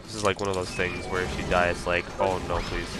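A man's voice: sits low, level tone, quick pace, loud music behind the voice. A man casually commenting on his own speedrun, rambling with lots of "like" and "um". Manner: rambling, full of "like" and "um".

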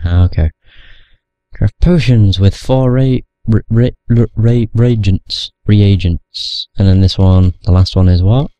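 A man's voice: sits low, warm tone, no echo. A man casually commentating his gameplay, rambling and swearing, stumbling over words, with hiccups. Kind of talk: casual let's play commentary.

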